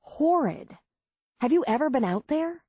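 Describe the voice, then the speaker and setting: A woman's voice: high voice, big pitch swings, a little slow, mellow, dull audio, pitched above the performer's own voice. Woman reading as a frank city midwife. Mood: troubled. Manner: earnest, candid.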